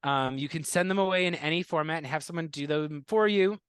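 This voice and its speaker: A man's voice: fairly high pitch, a little fast, clean tone, no echo. A man, a comedian guest, telling family stories in casual interview chat, acting out relatives' voices and laughing often. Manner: animated storyteller, acts out quoted relatives, laughs often.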